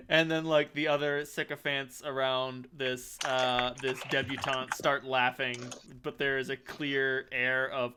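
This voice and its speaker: A man running a tabletop game as game master, talking haltingly with many fillers and restarts, breaking into high shrill voices for the characters. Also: fairly even intonation, pushed and bright, smooth.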